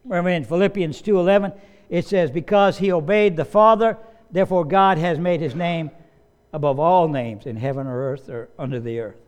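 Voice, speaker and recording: Pastor, male, fairly high smooth voice, chatty sermon delivery with asides. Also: normal speed. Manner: conversational preaching with asides and occasional coughs. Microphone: slides and study sheet, speaking to a congregation.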